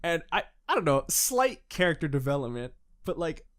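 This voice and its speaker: Excitable man in casual chat. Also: fairly high pitch, moderate pace. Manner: excited, profane, quotes characters in voices. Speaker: podcast co-host.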